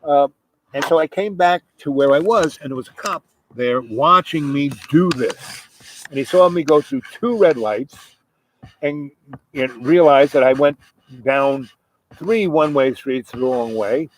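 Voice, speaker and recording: A man's voice: a little high, a little slow, no room sound, low-quality recording. A man telling a casual anecdote in a rambling way, restarting sentences and chuckling now and then. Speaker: storyteller.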